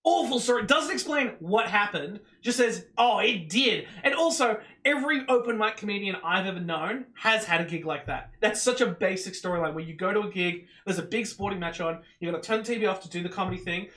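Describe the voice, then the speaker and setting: A man co-hosting a casual podcast, talking in a fast, sweary, ranting way. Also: high voice, pushed and bright. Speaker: podcast co-host. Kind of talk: casual chat. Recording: echoey room.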